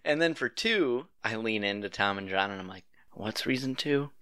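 A man's voice: fairly low pitch, animated, brisk, sharp tone, smooth, no room sound. Dry, wisecracking male player. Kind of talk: casual tabletop play.

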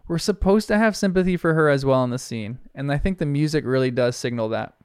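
A man's voice: mid-range voice, quick pace, clean tone, dry recording, clean studio sound. A man giving an earnest, reflective episode recap commentary as a show reviewer. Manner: earnest, reflective retelling with soft laughs.

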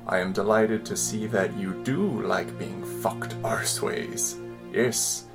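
A man in a British accent playing a lusty early-1900s male letter writer. He reads slowly and lingers over each phrase. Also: lowish voice, vocal fry, music in the background. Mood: lustful. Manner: slow, lingering dramatic reading. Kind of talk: dramatic reading of a letter.

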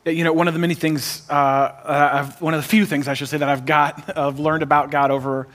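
Guy pastor with a high voice preaching, gets loud and excited, jokes at himself. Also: a little fast. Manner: animated preaching, builds to shouts; self-deprecating humor. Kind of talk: sermon.

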